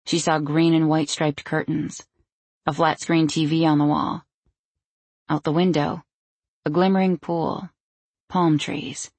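A woman reads a novel aloud in a measured storytelling voice, pitched low and taking her time. Her tone has a gravelly fry, and the recording is dry and close. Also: level tone, a little mellow, no echo. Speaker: audiobook narrator. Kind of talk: scripted narration.

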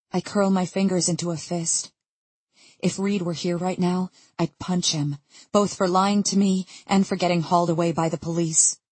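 A woman narrates a novel in the first person with a husky, slightly low voice. Her telling is tense and urgent. The recording is close and dry, with no room sound at all. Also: darkish tone, no room sound. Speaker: audiobook narrator.

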